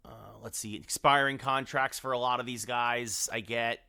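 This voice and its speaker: A man's voice: medium pitch, fairly even intonation, moderate pace, creaky, pushed and bright, clean tone. A man streaming a hockey game late at night, rambling and thinking aloud as he scrolls through players and chats with his viewers. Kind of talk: live game-stream commentary.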